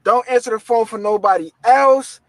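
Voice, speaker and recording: A man's voice: very high voice, normal speed, no room sound, poor audio. A man telling a dramatic personal story in casual slang, acting out what everyone said.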